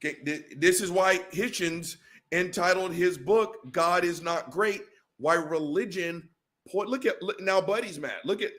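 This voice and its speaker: A man with a slightly high voice runs a reaction stream. He rants in an angry, profanity-heavy way and keeps up a heated commentary on a clip he is playing. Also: unhurried, a bit bright. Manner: angry, swearing, heated ranting. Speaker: show host.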